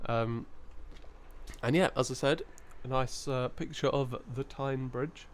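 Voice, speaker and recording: A man chats loosely on a live stream from his desk, wandering between thoughts and laughing easily. His pitch is unremarkable, a plain middle register. There is a faint hum of room ambience behind him. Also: slow pace. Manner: rambling and chatty, laughing often. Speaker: coin-hunting live streamer. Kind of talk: casual live-stream chat.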